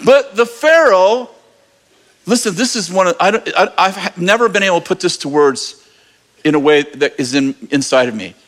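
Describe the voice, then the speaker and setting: Animated male preacher with a high voice, telling a story with humor and acted-out voices. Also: a little fast. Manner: animated, acts out voices, jokey asides. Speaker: pastor. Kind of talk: lively storytelling sermon.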